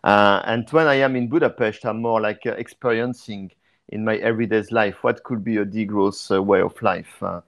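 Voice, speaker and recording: A man speaks in a somewhat low voice, pausing often with "uh" between phrases. He talks as a guest on a podcast, and the sound comes through a video call. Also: fairly even intonation. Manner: hesitant, with frequent "uh" fillers. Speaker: guest, degrowth activist and researcher. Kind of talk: casual podcast interview.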